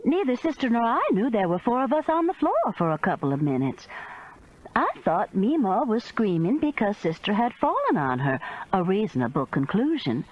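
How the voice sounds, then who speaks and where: A woman reading a cozy mystery audiobook in expressive first-person narration. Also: medium pitch, moderate pace, dull audio. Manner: expressive storytelling.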